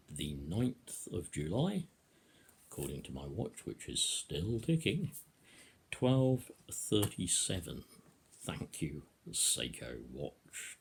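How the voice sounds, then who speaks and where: An older man from the UK talking sarcastically and rambling to camera in a solo vlog, with sudden loud bursts. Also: rumbling low, gravelly, a little hiss or hum. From United Kingdom. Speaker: vlogger.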